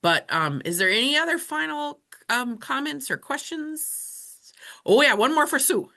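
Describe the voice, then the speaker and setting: A woman hosting a book club over a video call, talking in a lively, chatty way. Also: sits high, a little slow. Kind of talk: casual talk in a video call Q&A.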